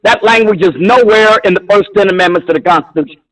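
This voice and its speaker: A man's voice: high-pitched, fast, low-quality recording. A man calling in to a talk show, arguing bluntly and combatively with frequent swearing. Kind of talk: heated call-in argument.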